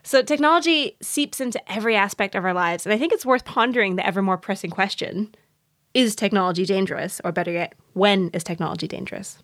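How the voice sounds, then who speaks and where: A woman's voice: mid-range voice, fast, fairly bright tone, no echo, studio quality. A woman hosting a podcast, explaining a story in casual chat with frequent laughs. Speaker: podcast host.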